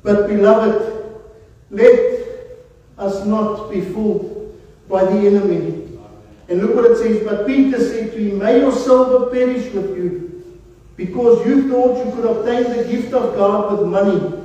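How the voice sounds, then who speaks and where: A man's voice: high voice, fairly even intonation, a little slow, warm tone. Pastor guy giving a sermon, big hall reverb, dull lo-fi recording. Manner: earnest preaching, calls the listeners "beloved" again and again. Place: church hall. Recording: echoey hall from far off, dull lo-fi sound.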